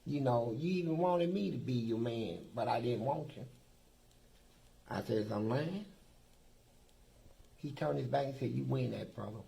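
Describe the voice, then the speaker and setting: A man's voice: medium pitch, unhurried, gravelly, pauses often, dark tone, poor audio. A man from Kentucky telling profane, streetwise stories in casual talk as an interview guest, acting out the dialogue. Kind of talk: casual storytelling.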